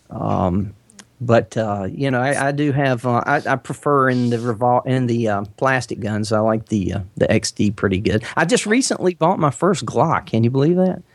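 A man's voice: mid-range voice, moderate pace, dry recording. Southern man in his forties, casual interview chat, meandering talk full of ums and uhs, dry close sound. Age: 40s. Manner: rambling, hesitant, many fillers. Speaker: podcast guest.

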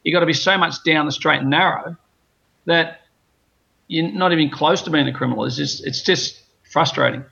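Australian male guest, blunt and joking, gravelly, slightly high, muffled call audio. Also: moderate pace, sharp tone. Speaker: podcast guest. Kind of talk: casual chat.

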